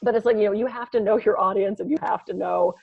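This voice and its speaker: Podcast co-host: woman, husky, quick-talking, sarcastic joker; dry lo-fi mic. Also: medium pitch, fairly even intonation, dry recording. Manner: joking, sarcastic storyteller. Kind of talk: casual chat.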